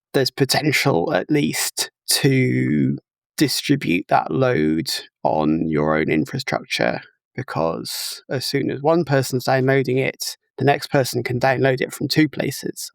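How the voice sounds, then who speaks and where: This guest has a creaky, mid-range voice with no room sound around it. Talking over a video call on a laid-back podcast, he explains technical topics one step at a time, leaning heavily on filler words.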